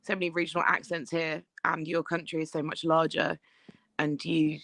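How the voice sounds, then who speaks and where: A woman from England with a London accent chatting casually, relaxed and quick to laugh. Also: sits low, gravelly, no room sound, low-quality recording. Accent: London English. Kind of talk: casual chat.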